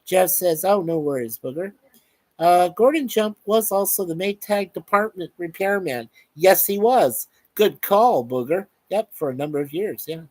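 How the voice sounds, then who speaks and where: A man's voice: sits high, expressive, moderate pace, no echo. Chatty man reading live chat. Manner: reads viewer comments aloud, chatty and upbeat. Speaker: show host. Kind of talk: casual live-stream chat.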